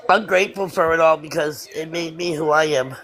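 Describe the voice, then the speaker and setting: Chatty man, higher voice. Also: a little fast, a bit bright, rough recording. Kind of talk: casual chat.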